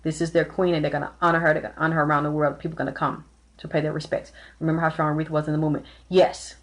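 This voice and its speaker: A woman's voice: low voice, level tone, rapid-fire. A woman giving a live-streamed tarot and spirit reading, talking earnestly and emotionally, often repeating herself. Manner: close to tears at times. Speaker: tarot reader and psychic.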